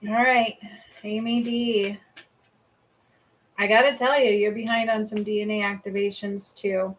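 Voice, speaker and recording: A woman's voice: mid-range voice, level tone, a little slow, low-quality recording. A woman reading cards and giving healings on a casual livestream, chatty, laughing often and swearing casually. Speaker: psychic reader and energy healer.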